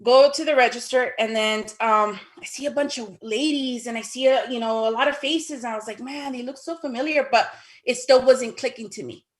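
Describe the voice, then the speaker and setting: A woman casually telling her own story in an animated way, acting out the dialogue with sudden high exclamations. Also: a little fast.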